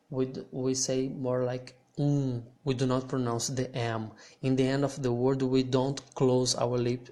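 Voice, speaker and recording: A man teaching pronunciation in English, patient and pausing with restarts. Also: medium pitch, darkish tone. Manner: patient, hesitant restarts, repeats words for practice. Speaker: language teacher. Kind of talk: slow explanatory lesson.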